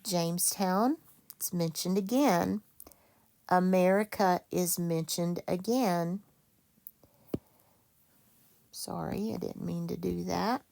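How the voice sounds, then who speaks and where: Slow, gravelly-voiced woman teacher. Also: fairly low pitch, darkish tone. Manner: slow, patient, self-correcting. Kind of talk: classroom reading lesson.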